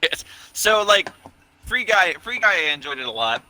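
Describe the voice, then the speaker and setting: A man's voice: high-pitched, very animated, moderate pace, bright, forceful tone. A young man co-hosting a casual podcast, telling a story against himself with a sheepish laugh. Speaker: podcast co-host. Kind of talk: casual chat.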